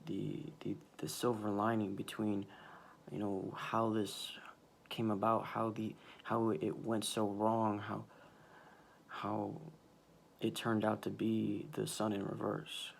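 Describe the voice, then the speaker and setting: A man giving a tarot reading, his low voice heavily gravelly with fry. He speaks in a flat, halting way, restarting his sentences and pausing as if moved. A faint hiss sits under the recording. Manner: halting, emotional, many restarts and sighs. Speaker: tarot reader. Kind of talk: casual tarot reading to camera.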